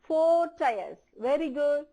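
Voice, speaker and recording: A woman teacher, Indian English in accent, presents a primary-school English lesson on TV, slowing down and repeating words for children to mimic. She has a high, warm voice with lively intonation.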